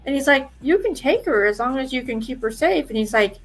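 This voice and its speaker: An amused woman on a casual book podcast, quoting characters in a raised voice. Her voice sits fairly high. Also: animated, brisk. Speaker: podcast co-host.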